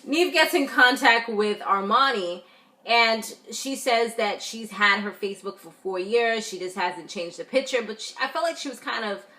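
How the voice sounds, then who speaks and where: Woman vlogger, casual recap; animated, blunt, filler-heavy delivery. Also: mid-range voice. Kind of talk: casual review chat.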